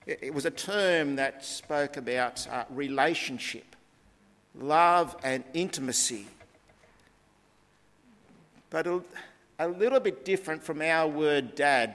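A man preaching a sermon in a measured teaching tone with deliberate emphasis. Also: medium pitch, a bit bright. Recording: long reverb of a large hall.

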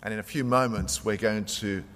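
A man's voice: lowish voice, fairly even intonation, moderate pace, a bit bright, big-room sound. A man preaching a sermon as pastor, talking in a conversational way and retelling stories through quotes.

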